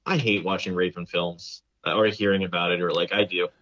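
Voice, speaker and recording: A man's voice: sits low, steady tone, brisk, a bit bright, dull audio. A man co-hosting a casual movie podcast, blunt and rambling with jokes. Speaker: podcast co-host.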